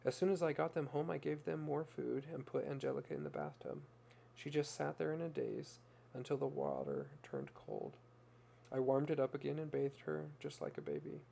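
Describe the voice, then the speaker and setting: A man's voice: fairly high pitch, moderate pace, creaky, mellow, slight background noise. A man voicing a compassionate woman who recounts caring for someone in a tender voice heavy with emotion.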